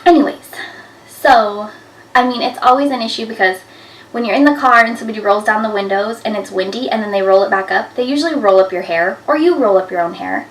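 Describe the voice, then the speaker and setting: A woman in her twenties telling embarrassing stories to camera in a chatty, animated way, with lots of "like" fillers. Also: medium pitch, brisk. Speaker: vlogger. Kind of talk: casual storytelling to camera. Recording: echoey room, a bit far from the mic.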